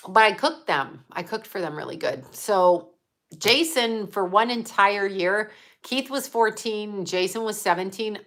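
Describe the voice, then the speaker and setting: A woman's voice: mid-range voice, bright, forceful tone. A middle-aged woman, a psychic medium, talking off the cuff to her viewers in a blunt, emphatic way, swearing freely. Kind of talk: casual livestream monologue.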